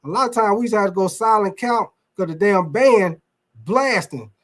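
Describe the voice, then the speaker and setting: Speaking at a moderate pace in a high voice, this sports show host runs a laid-back live talk stream where he reacts to chat. His delivery is loose, rambling, and profane, and he addresses the audience as y'all.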